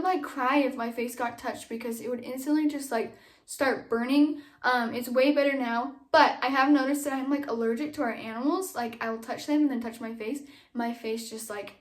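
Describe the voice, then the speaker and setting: A young woman vlogger chatting casually to camera from a nursery at home, rambling with lots of fillers and a little out of breath. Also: high-pitched.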